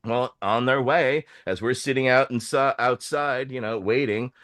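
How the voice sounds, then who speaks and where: A man telling a story in casual podcast chat, animated and profane, acting out the voices of the people he quotes. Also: mid-range voice, moderate pace, no room sound, studio quality.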